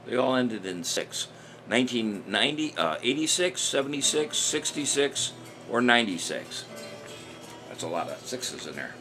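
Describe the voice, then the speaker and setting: A man's voice: mid-range voice, big pitch swings, normal speed. An older man casually hosting a live-stream trivia show, chatty and jokey, chuckling at his own jokes. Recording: music playing under the voice.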